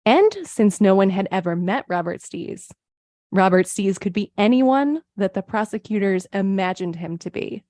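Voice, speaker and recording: A woman's voice: mid-range voice, expressive, moderate pace, dark tone, no echo. Woman reading a true crime case. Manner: reads case details from a script, quoting sources. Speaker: podcast co-host. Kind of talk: true crime podcast narration.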